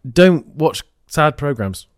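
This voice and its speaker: A man's voice: a little high, expressive, slow pace, clean tone, dry recording. A young man, co-hosting a casual podcast with dry, teasing banter. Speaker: podcast co-host.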